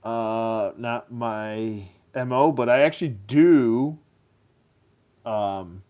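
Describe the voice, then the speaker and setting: A man's voice: mid-range voice, extremely slow, darkish tone, smooth. A man casually reviewing action figures as he builds them, chatty and goofy, slipping into silly rhymes.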